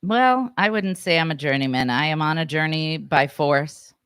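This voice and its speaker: A woman's voice: sits low, normal speed, fairly bright tone, smooth, no echo, clean studio sound. A woman co-hosting a podcast in casual chat, self-deprecating and acting out quoted voices as she tells stories. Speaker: podcast co-host.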